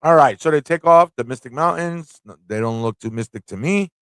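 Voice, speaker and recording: A man hosting a live comic review stream, excitable, laughing and slangy as he reacts. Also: a little high, brisk, clear, resonant tone, dry recording, clean studio sound. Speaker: host.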